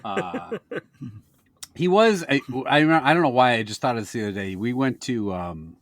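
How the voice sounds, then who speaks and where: A man's voice: moderate pace, dry recording, clean studio sound. A man from Wisconsin, co-hosting a casual snack-tasting podcast and telling rambling, crude, comic stories. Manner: rambling storyteller, crude jokes, lively pitch. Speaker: podcast co-host, snack taster. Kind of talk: casual comedic chat.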